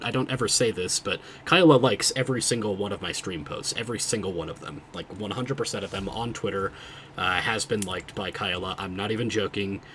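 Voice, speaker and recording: A man streaming a video game, chatting casually with his viewers and thinking out loud, often cutting himself off mid-sentence. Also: lowish voice, a little hiss or hum. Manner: rambling, self-interrupting, thinking out loud. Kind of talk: casual livestream chat while gaming.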